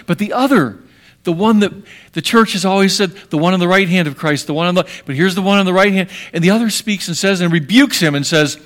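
A man preaching a sermon with dramatic swings between hushed and emphatic delivery. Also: high voice, fast.

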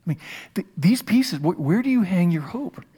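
Guy pastor preaching, kinda high voice, lots of restarts, storytelling sermon. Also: animated, warm tone, slightly rough. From United States. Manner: storytelling, halting with many restarts.

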